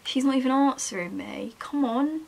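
Young woman with a higher voice, casual vlog chatter, joking at her own expense. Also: moderate pace, creaky. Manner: chatty, self-mocking, talks to herself while browsing. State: chilly, wrapped in a jacket. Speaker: vlogger. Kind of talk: casual shopping vlog chat.

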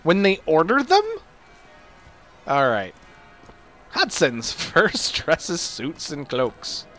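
A man's voice: a little high, huge pitch swings, extremely slow, fairly bright tone, soft background music. A young man joking and laughing as he comments on a video game. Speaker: gamer. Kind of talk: let's play commentary.

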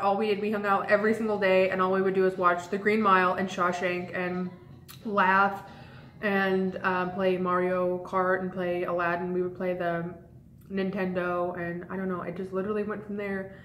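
A woman's voice: medium pitch, little pitch movement, moderate pace, sharp tone, slight background noise. A young woman chats straight to her camera, telling a long personal story. She rambles, with many "like"s and "um"s. The room around her is echoey. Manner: chatty, rambling, lots of "like" and "um". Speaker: vlogger. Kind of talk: casual storytime chat.

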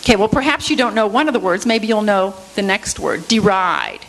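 A woman's voice: medium pitch, lively intonation, brisk, a bit bright, low-quality recording. A woman giving a church Bible study lecture, explaining word meanings and checking in with her listeners with a frequent "okay?", with light self-deprecating humor.

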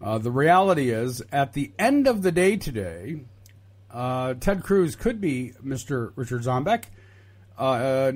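A man co-hosting a political chat show, in a middle-pitched voice. He talks slowly and deliberately, with lots of "uh"s. He has a dry, mock-exasperated humor. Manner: deliberate, wry, mock-exasperated, halting with many uhs. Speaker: political podcast co-host. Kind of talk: casual political banter.

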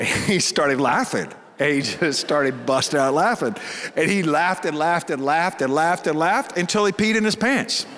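A middle-aged man, preaching in a lively storytelling way and laughing as he tells it. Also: fairly high pitch, in a large hall, slight background noise. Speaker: pastor. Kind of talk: storytelling sermon.

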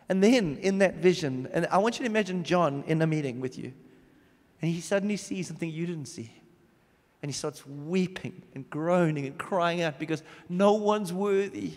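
A man preaching a sermon, swinging from loud emphatic bursts to hushed low drops. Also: lively intonation, moderate pace. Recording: long reverb of a big hall.

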